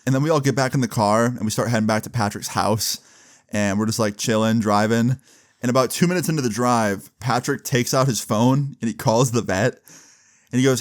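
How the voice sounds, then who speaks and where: A man's voice: mid-range voice, a little fast. A young man telling a story on his vlog in casual slang, swearing and laughing as he goes. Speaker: vlogger.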